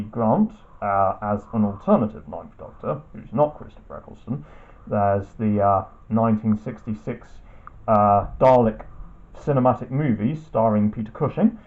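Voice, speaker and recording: Gravelly-voiced man listing his collection. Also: fairly low pitch. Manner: matter-of-fact, listing items one by one. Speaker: collector showing his video shelf. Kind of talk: casual home-video chat. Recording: tinny phone-like home recording.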